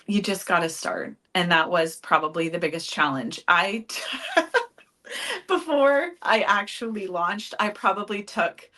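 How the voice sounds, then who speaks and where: A woman's voice: lowish voice, pushed and bright. A woman guest on an interview podcast, talking in a chatty way with frequent laughs and restarts. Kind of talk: casual interview chat.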